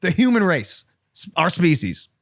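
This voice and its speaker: A young man co-hosting a podcast, telling a story in a casual, animated way with lots of swearing. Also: a little high, normal speed, vocal fry, dry recording, studio quality. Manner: animated, swearing, acts out voices in stories. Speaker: podcast co-host. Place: podcast studio.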